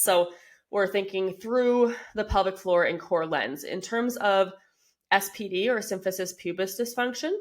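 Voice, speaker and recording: A woman's voice: on the low side, a bit bright. A woman in her thirties hosting a podcast, explaining things in a casual, chatty way with many "like" and "um" fillers. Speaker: podcast host, fitness coach.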